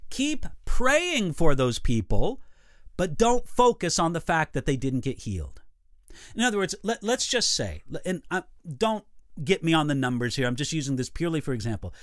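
A man, a pastor, giving a measured, emphatic teaching talk with repeated phrases for emphasis. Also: on the high side, big pitch swings, no echo, clean studio sound. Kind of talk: teaching a livestream Bible talk.

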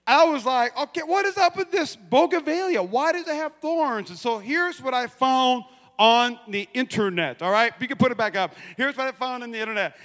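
A male pastor with a high voice preaches energetically and tells a personal story that leads into a lesson. He acts out the lines of the people in his story and calls out to the congregation. His voice carries with the long reverb of a large hall. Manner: animated, acts out quotes, addresses the church.

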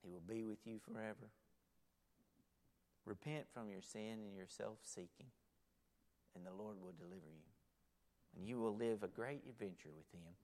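A male pastor preaching a sermon to a church congregation, swinging dramatically between loud exclamations and hushed near-whispers. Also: fairly low pitch, normal speed, long pauses. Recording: long hall reverb.

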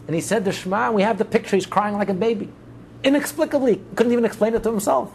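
Man, rabbi, impassioned sermon, repetitive emphasis, somewhat high voice. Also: quick pace, creaky, a little mellow, a little hiss or hum. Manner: repetitive, building emphatic lists.

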